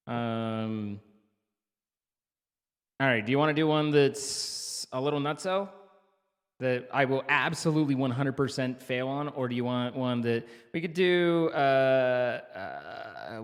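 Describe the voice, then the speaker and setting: A man's voice: mid-range voice, in a large hall. A man chatting casually on a live stream, rambling and stammering through restarts as he picks the next song.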